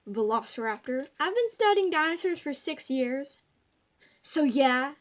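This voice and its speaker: A woman's voice: high voice, sing-song, measured pace. A young woman at home giving a rambling, giggly craft tutorial that keeps drifting off topic. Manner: rambling, giggly, easily sidetracked. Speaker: craft video maker.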